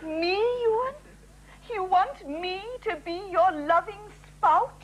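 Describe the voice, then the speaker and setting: A woman's voice: very high voice, takes it slowly, a little hiss or hum. A woman playing a homely housewife who mixes up her words in a sketch. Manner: sing-song, jumbled words.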